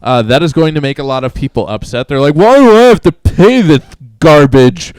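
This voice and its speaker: A man's voice: on the high side, lively intonation, a little fast, darkish tone, clear, resonant tone, no room sound. A man co-hosting a casual podcast, hesitant and stumbling over his starts. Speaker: podcast co-host. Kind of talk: casual chat.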